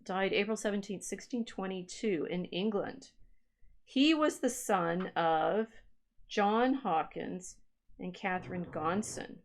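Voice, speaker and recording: Speaking slowly in a mid-range voice, a female livestream co-host reads genealogy records aloud. She muses casually, often breaking off and starting again.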